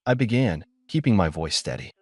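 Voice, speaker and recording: A man narrating a first-person story in a steady, measured way. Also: lowish voice, no room sound, clean studio sound.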